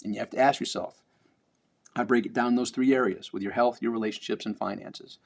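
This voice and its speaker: A man's voice: mid-range voice, fairly even intonation, a little fast, creaky. Blunt, emphatic man giving motivation. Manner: blunt, emphatic, swears casually, repeats words when building up. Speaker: vlogger. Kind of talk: motivational talk to camera.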